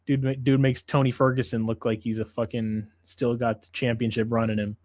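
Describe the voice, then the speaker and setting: A man's voice: mid-range voice, level tone, brisk, a little mellow, no echo. A man hosting a casual MMA livestream, ranting in a profane, exasperated way. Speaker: MMA show host.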